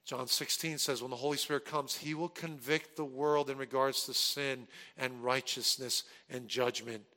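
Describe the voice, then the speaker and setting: Bright-voiced man preaching in a hall. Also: medium pitch, moderate pace. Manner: storytelling, shifts from loud animated peaks to hushed earnest tones. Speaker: pastor. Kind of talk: sermon.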